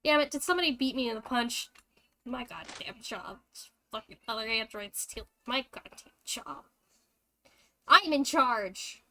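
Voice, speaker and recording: A woman voicing a hot-headed android assassin who is possessive of kills, shouting in an indignant, bossy way. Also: on the high side, lively intonation, a little slow, slight background noise, exaggerated voice.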